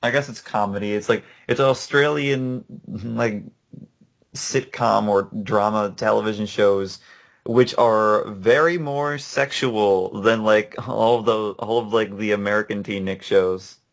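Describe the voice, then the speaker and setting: A man's voice: lowish voice, steady tone, measured pace. A young man co-hosting a casual gaming podcast, rambling and laughing often. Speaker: podcast co-host. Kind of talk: casual chat.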